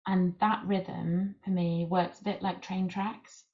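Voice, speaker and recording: A woman's voice: on the low side, level tone, takes it slowly, darkish tone. A woman author explaining her writing process in a thoughtful, explanatory way. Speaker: author guest. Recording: muffled lo-fi recording.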